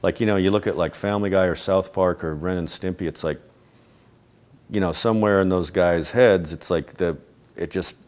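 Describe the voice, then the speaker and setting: A middle-aged man with a very low voice, answering questions in a relaxed interview at home. He rambles, restarts his sentences and chuckles softly as he goes. His talk is loose and conversational, not polished. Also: moderate pace. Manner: rambling, with many restarts and soft laughs. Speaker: interview guest, animator and voice actor.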